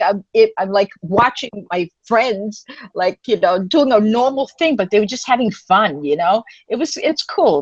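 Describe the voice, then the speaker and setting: A woman co-hosting a live online community stream, telling a story in a rambling, animated way with lots of fillers and restarts. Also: no echo, highs cut off. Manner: animated, acts out quoted voices in a higher pitch. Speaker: co-host of an online women's livestream community. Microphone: phone or webcam on a live stream.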